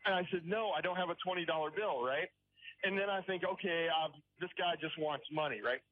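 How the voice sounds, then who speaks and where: A man's voice: a little high, fairly quick. A man calling in to a radio show, telling a long story in a rambling, hesitant way and often checking in with the listener. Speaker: caller. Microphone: telephone. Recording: tinny phone line on call-in radio.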